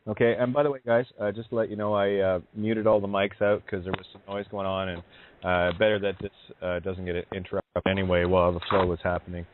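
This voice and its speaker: A man's voice: sits low, little pitch movement, brisk, slight background noise. A man hosting a call-in radio show, talking casually to the audience and a caller over tinny, dry sound. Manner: casual, soothing asides to the audience. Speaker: radio host.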